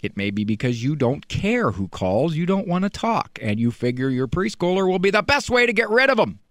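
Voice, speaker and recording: A man's voice: a little high, sing-song, fairly quick, no room sound, clean studio sound. A man hosting a radio show, delivering a comedic monologue with exasperated, pleading storytelling.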